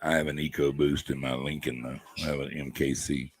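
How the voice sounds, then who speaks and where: A man's voice: a bass voice, flat delivery, a little fast, a little hiss or hum, low-quality recording. A man chatting casually with viewers on a live stream, easygoing and rambling. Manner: easygoing, rambling, laid-back.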